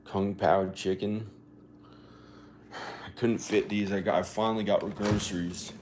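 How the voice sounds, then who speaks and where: A man talking into his phone in a rambling personal vlog, halting and sighing with many restarts. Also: on the low side, fairly even intonation, background noise. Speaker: vlogger. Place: at home and outdoors in the country.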